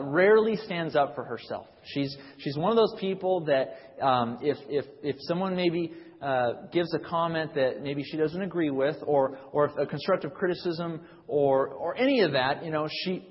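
Man preaching in a reverberant hall. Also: a little high. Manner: conversational preaching with frequent restarts, rising when reading scripture. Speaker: pastor. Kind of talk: sermon. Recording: dull sound with long reverb in a hall.

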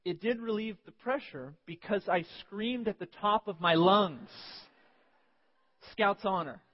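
Male pastor, high-pitched, animated storyteller, muffled sound with long hall reverb. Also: a little slow. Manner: animated, acts out scenes with sudden yelps. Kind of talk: sermon with personal storytelling. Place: church sanctuary.

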